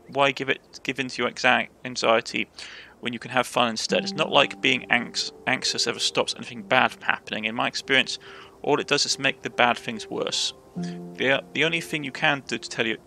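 A man's voice: mid-range voice, fairly quick, gravelly, pushed and bright, a little hiss or hum. A man with a Cornish accent voicing a bold, adventurous young woman who hunts monsters, talking in a chatty, reassuring way with stumbling restarts.

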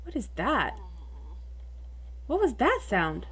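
A young woman hosting a let's play, giving casual game commentary, easily exasperated and dramatic, bursting into excitement. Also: fairly high pitch, slow.

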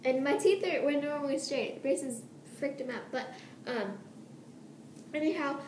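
Teen girl, giggly, rambling, nervous, higher voice, echoey home room, faint hiss. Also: unhurried, a little mellow. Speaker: vlogger. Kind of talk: casual rambling vlog.

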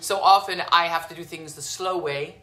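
Bright-voiced woman hosting a kitchen demo. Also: fairly low pitch, fairly even intonation, normal speed, roomy sound. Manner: gushing, calls viewers sweetheart and lovies. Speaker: cooking show host. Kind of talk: casual cooking demo chat. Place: home kitchen.

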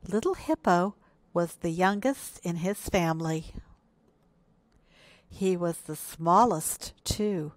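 A woman librarian reading a picture book aloud for a children's storytime, slow and gentle as she asks the children questions. Her voice sits a little low and comes across close and dry. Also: no echo. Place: indoors, recorded for video.

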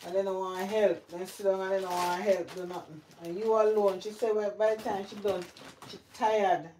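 A woman's voice: medium pitch, level tone, moderate pace, mellow, slight background noise. A middle-aged woman with a Jamaican accent, chatting casually to viewers while tending her plants, repeating herself as she talks. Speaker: gardening vlogger. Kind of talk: casual chat while gardening.

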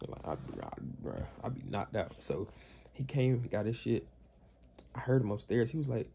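Gravelly young man telling a wild story. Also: medium pitch, moderate pace, slight background noise. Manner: animated slangy storytelling, acts out quotes. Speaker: vlogger. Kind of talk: casual storytelling.

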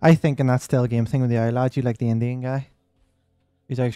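A man's voice: medium pitch, steady tone, fast talker, warm tone, dry recording, studio quality. A man chatting casually while playing a horror game with a friend, joking, laughing and riffing on TV shows. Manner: jokey, laughing, quotes TV shows in funny voices. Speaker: let's play co-host. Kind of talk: casual gaming chat.

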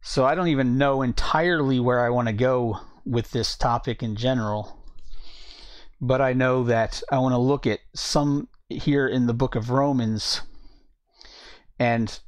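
A man's voice: medium pitch, fairly even intonation, a little slow. Man thinking aloud over scripture. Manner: thinking aloud, reads scripture, hesitant restarts. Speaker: Bible teacher. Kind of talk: casual Bible study talk.

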